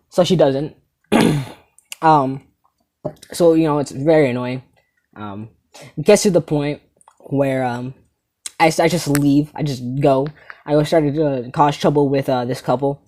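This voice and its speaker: A young man telling a crude comedy story in an animated, sarcastic way, full of rhetorical asides. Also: a little high, a little slow, pauses often.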